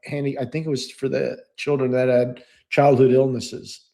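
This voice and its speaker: A middle-aged man co-hosting a podcast, telling anecdotes in a lively way and acting out the voices of the people in them. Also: mid-range voice, moderate pace, vocal fry. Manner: animated storyteller, acts out quoted voices, laughs often. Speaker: podcast co-host. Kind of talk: storytelling in casual chat.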